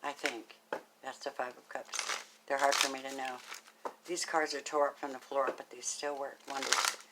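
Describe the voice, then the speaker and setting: Low-voiced woman giving a casual tarot reading. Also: level tone, moderate pace, very noisy. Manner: chatty and affectionate, thinks aloud, drops into soft half-whispered asides. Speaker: tarot card reader.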